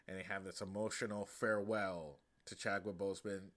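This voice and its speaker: A man with a fairly low but bright, forceful voice, recapping a movie on a podcast. He talks casually, swears freely and tells the story with lively slang. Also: brisk. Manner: profane, slangy, animated retelling. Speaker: podcast host.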